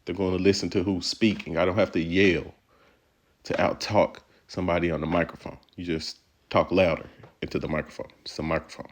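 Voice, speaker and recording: A man's voice: low-pitched, little pitch movement, brisk. A male stand-up comedian from Texas giving casual, playful, slangy commentary on his own set and laughing often. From Texas, USA.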